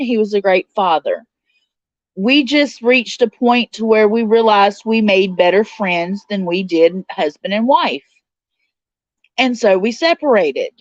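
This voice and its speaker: A chatty woman with a mid-range voice hosts a casual livestream, reading her viewers' comments aloud and responding. The sound is dry, dull, slightly lo-fi, and free of echo.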